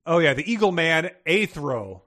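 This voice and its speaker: A man's voice: fairly high pitch, sing-song, moderate pace, fairly bright tone. A man hosting a quiz, reading story passages aloud and chatting casually. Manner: plain storybook reading, chuckles. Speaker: quiz host.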